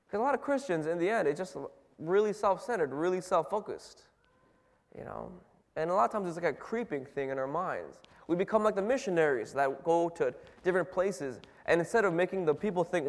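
A man's voice: sits high, lively intonation, a little fast. A man giving a sermon in a loose, conversational way, asking his listeners question after question, with many fillers and restarts. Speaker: preacher. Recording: long hall reverb.

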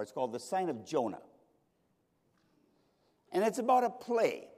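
Dramatic preacher in a ringing hall. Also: male voice, on the high side. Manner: dramatic storytelling with sharp swings of loudness. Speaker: pastor. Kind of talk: sermon. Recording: reverberant hall.

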